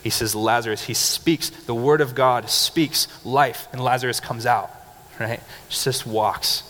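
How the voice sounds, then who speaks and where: A man's voice: medium pitch, unhurried. Man preaching in a reverberant hall. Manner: animated and conversational, laughing often, leading call-and-response. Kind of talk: sermon. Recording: reverberant hall with faint background noise.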